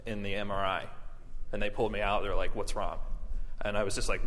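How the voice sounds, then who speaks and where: A man telling an audience his own story, halting often, with many fillers and restarts, and laughing at himself. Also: fairly low pitch, little pitch movement, a bit bright. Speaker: performer and stroke survivor. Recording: long hall reverb.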